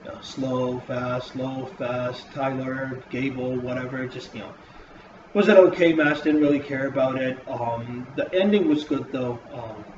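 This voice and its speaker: Speaking at a measured pace with a mid-range, fairly even voice, a man reviews a wrestling show casually on his vlog. He curses often and wanders through his points with many fillers. The audio is hissy, roomy, dull lo-fi.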